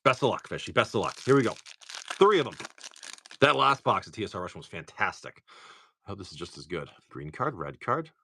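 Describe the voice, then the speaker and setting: A man with a Massachusetts accent hosts a live stream, rattling off each card in quick lists with joking asides. His voice is bright and animated, jumping up and down in pitch. The sound is dry and close. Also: creaky, husky, no room sound. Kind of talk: casual live commentary.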